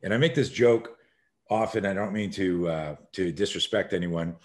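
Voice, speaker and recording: A man with a fairly low voice tells a story as a podcast guest. He is an animated storyteller who acts out the scenes as he talks. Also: normal speed. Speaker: guest, self-defense expert.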